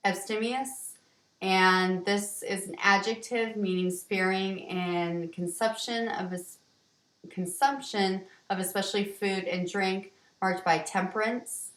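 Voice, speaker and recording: A woman teacher walking students through vocabulary words in a slow, explanatory way, with ums and restarts. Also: mid-range voice, steady tone, fairly bright tone. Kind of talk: vocabulary lesson walkthrough. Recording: roomy, distant from the mic.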